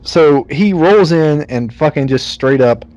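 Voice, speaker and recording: A man's voice: on the high side, lively intonation, a little slow, darkish tone, faint music behind, poor audio. A man co-hosting a casual movie podcast, summarizing plot with jokes and frequent swearing. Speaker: podcast co-host. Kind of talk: casual chat.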